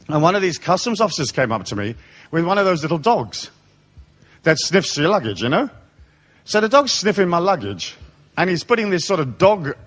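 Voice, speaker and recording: A middle-aged man from Africa addresses a live seminar audience with profane, sardonic humour. His voice sits a touch high and swings widely in pitch as he tells comic stories. He sounds irreverent and mocking throughout. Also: a bit bright. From raised in Africa, born in England. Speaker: seminar speaker.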